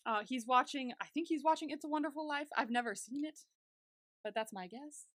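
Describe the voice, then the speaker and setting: A woman's voice: high-pitched, fairly quick, fairly bright tone, no room sound, studio quality. A young woman co-hosting a podcast, chatting casually and gushingly while recapping a TV episode, saying "like" a lot. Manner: gushing, chatty, heavy use of "like". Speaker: podcast co-host.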